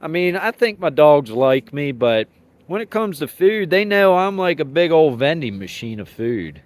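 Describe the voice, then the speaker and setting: A dog owner talks casually outdoors about training his dogs, laid-back, rambling and folksy with plenty of slang, vlog-style. His voice is fairly high and sing-song at normal speed, with no echo.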